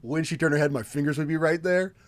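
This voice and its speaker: A man's voice: on the high side, fast talker. A man in his thirties, co-hosting a podcast, telling stories animatedly and laughing often as he talks. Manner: animated storyteller, laughs often mid-sentence. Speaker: podcast co-host. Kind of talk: casual podcast chat.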